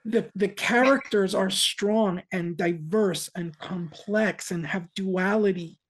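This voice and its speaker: A woman with an average-pitched voice talks as a guest on a casual podcast. She is earnest, and her phrasing is halting and full of restarts as she works toward her point.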